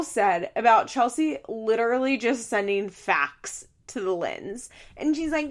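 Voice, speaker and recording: A woman's voice: animated, measured pace, hardly any pauses. Ranting, exasperated woman podcaster. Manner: ranting, exasperated, swears often; mocks others with exaggerated high voices. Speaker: podcast co-host. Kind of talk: casual podcast recap.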